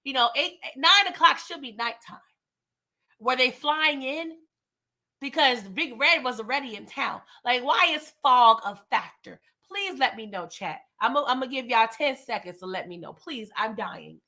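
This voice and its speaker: A woman with a bright, fairly high voice talks straight to her live chat as she recaps a TV episode. She is animated and acts out the characters' lines as she goes. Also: normal speed. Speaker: TV show recap host.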